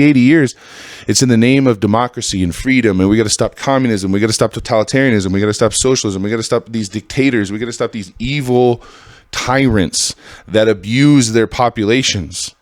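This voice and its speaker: Guy ranting on his podcast, swears a lot, goes loud then mumbly, mid-pitched voice. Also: dry recording, clean studio sound. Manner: heated, profane, swings between animated outbursts and low mutters. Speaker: podcast host. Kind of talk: casual ranting monologue.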